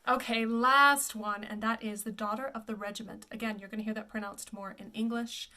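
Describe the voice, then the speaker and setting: A woman voice coach giving a pronunciation lesson. She demonstrates each word slowly and then repeats it. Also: mid-range voice, level tone, pushed and bright.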